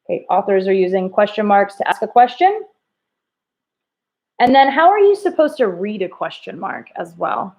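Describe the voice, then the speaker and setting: A woman's voice: mid-range voice, very animated, normal speed, a little mellow. A woman teacher leading a reading lesson, thinking aloud and coaxing students with questions. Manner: thinks aloud, rereads lines in different tones.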